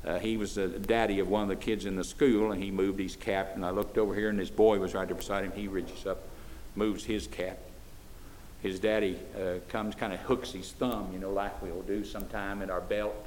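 A man's voice: on the low side, darkish tone, a little hiss or hum. An older man, preaching a sermon in a folksy way that builds to fervent emphasis. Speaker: pastor.

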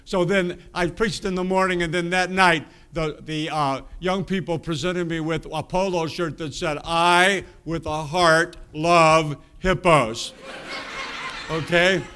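A man's voice: on the high side, steady tone, normal speed, hardly any pauses, a bit bright, smooth. Folksy man telling a sermon story. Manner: folksy, rambling anecdotes with self-amused laughter. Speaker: preacher.

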